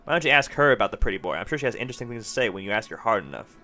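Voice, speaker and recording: A man voicing a hostile, menacing male union tough who talks loud and aggressive. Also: fairly low pitch, expressive, very fast, soft background music.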